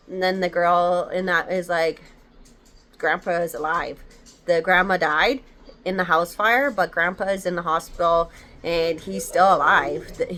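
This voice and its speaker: A woman's voice: mid-range voice, sharp tone, smooth. A woman casually retelling a horror novel's plot in a rambling way, full of fillers and quoted dialogue. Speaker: book reviewer. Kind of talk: casual book review recap.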